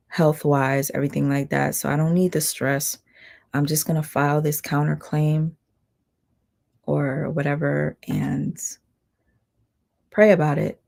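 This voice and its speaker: Woman host, low and gravelly, strained voice, heated blunt livestream rant. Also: level tone, slow pace, long pauses, a little mellow. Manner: blunt, heated, swearing, reads viewer comments aloud.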